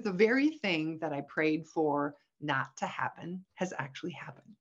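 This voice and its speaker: Expressive middle-aged woman, lo-fi sound. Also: sits low, normal speed, few pauses. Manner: expressive storyteller, animated when quoting, laughs often. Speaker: guest, Christian parenting author. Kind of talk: casual podcast conversation.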